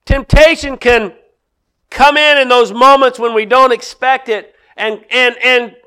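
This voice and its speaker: A middle-aged male pastor preaching a sermon, acting out quoted lines with big swings in loudness. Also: very high-pitched, steady tone, unhurried, clear, resonant tone.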